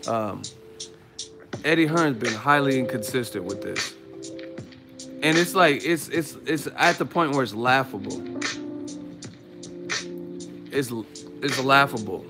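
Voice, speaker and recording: A man in a hotel room doing a casual, hyped-up boxing vlog rant, brash and teasing, swearing freely and swinging between loud hype and low muttering. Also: expressive, measured pace, pauses often, over music. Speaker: boxing commentary vlogger.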